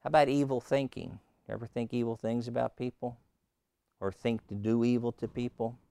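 A pastor preaching a sermon and telling a humorous story, with lots of rhetorical questions. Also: male voice, mid-range voice, level tone, a little fast, creaky, warm tone, clear, resonant tone, no echo. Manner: humorous, repeats key lines.

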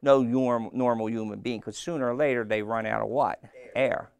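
A man preaching a sermon, telling a story with lively, playful asides and asking his listeners questions. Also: medium pitch, normal speed, vocal fry, clear, resonant tone. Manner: animated storytelling, acting out voices, asks the crowd questions.

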